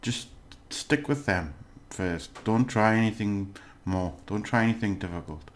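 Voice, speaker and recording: Here a man with a voice on the low side teaches a casual, recorded language lesson. He goes patiently, pausing on "uh" and often checking that the listener is following.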